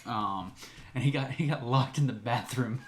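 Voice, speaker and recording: A man's voice: medium pitch, normal speed, a little hiss or hum. A man co-hosting a podcast, chatting casually and laughing often as he tells a story. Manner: chatty, laughs often while telling stories. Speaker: podcast co-host. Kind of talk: casual chat.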